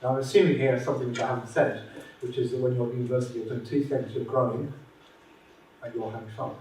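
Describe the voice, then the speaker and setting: A man's voice: mid-range voice, fairly even intonation, fast, darkish tone. Chatty man in an echoey room. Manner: chatty, laughs while telling a joke. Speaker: speaker at conference. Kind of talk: informal chat and joke-telling. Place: university conference room. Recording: roomy, distant, faint noise.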